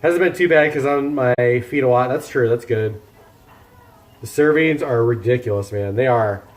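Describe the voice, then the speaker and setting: Speaking at a moderate pace and medium pitch, a man live-streams his meal-prep cooking from his home kitchen. He jokes about himself and chats casually with his audience while he works.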